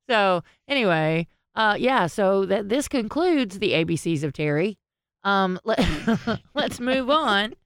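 A woman's voice: mid-range voice, expressive, slow pace, long pauses, clear, resonant tone, no room sound, clean studio sound. A woman co-hosting a podcast, telling rambling stories, laughing often and swearing freely. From American South. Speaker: podcast co-host. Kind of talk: casual chat.

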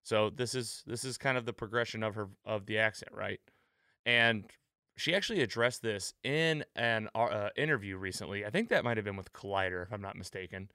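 A man's voice: on the low side, brisk, pushed and bright, smooth, no echo, clean studio sound. A man hosting a podcast, talking casually and rambling a bit, with frequent fillers and restarts. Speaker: podcast host.

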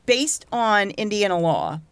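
A woman co-hosting a casual true-crime podcast, telling the story in an animated way, swearing freely and acting out what people said. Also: mid-range voice, measured pace, clean tone, no room sound.

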